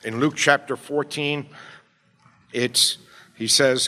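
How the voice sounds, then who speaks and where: A man preaching a sermon as pastor, emphatic, swinging between quiet, low passages and loud, urgent appeals. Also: lively intonation, slow pace, pauses often. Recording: long hall reverb.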